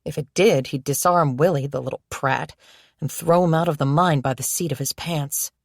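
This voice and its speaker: A woman reading a novel aloud as narrator, in steady, measured storytelling. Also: deep voice, vocal fry, no echo, studio quality. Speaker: audiobook narrator. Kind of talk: scripted narration.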